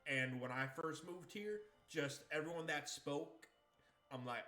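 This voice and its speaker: A young man from Maine rambles and laughs easily as he chats during a game stream, his New England accent tinged with a Southern drawl. His voice sits a touch high and sounds bright and forceful. The room is echoey, with faint game music behind him. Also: a little slow. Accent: New England with some Southern creeping in. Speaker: livestream gamer. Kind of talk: casual chat while streaming.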